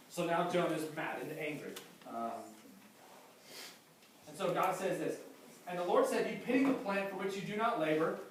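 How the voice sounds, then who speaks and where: A man preaches in a high, lively voice, slipping into playful acted-out quotes. He is picked up from a distance in a church hall with a heavy echo. A faint hiss of noise sits under him. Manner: animated, acts out quotes with humor. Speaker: pastor. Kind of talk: sermon.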